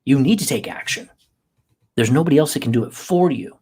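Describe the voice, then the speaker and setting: A man's voice: medium pitch, animated, brisk, darkish tone, breathy edge. A man hosting a podcast, delivering an emphatic motivational monologue that repeats key phrases to exhort the listener. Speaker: podcast host.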